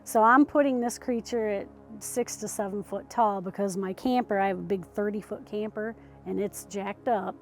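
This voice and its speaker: A woman recounting an encounter in casual spoken storytelling. She often drops to a hushed near-whisper when reliving the tense moments. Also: medium pitch, normal speed, hardly any pauses, soft background music, poor audio. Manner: conversational, with fillers and restarts.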